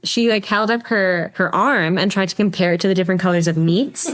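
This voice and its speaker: A woman's voice: on the low side, steady tone, a little fast. Giggly woman guest telling stories. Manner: giggly, storytelling, silly riffing. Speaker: podcast guest. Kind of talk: casual interview chat.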